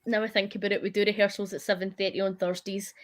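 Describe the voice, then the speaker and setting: A woman's voice: medium pitch, level tone, quick pace. A woman in her mid-thirties, chatting casually and teasing with frequent laughter. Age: 30s. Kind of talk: casual chat.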